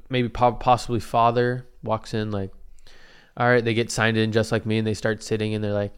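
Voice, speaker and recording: A man's voice: fairly low pitch, gravelly, smooth. A young man telling a rambling, profane story in a casual monologue, often laughing at his own asides.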